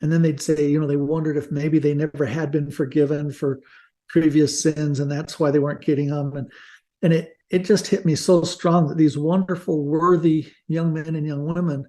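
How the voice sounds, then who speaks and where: An older man speaks as a guest in a relaxed interview, earnest and reflective. His voice sits a little high for a man but sounds soft and mellow. He restarts a phrase now and then as he recalls things. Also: moderate pace. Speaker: guest author. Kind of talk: casual interview talk.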